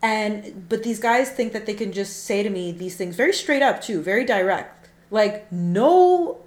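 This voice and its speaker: A woman's voice: mid-range voice, measured pace, reverberant. A woman co-hosting a casual chat show, telling a dating story and acting out the texts she got. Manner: animated, acts out quoted texts. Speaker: podcast co-host.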